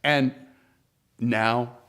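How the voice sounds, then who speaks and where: A man, a comedian, telling a personal story in an interview with animated, joking delivery. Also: medium pitch, extremely slow. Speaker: comedian guest.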